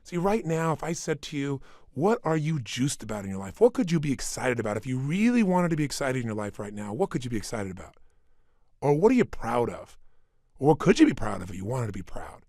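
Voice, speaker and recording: A middle-aged man giving an energetic motivational talk into a studio microphone, dropping to a hush and then surging loud for emphasis. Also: mid-range voice, a little fast, no echo. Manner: energetic, emphatic, swings between hushed and loud. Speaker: motivational speaker. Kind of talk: motivational talk recorded for audio program.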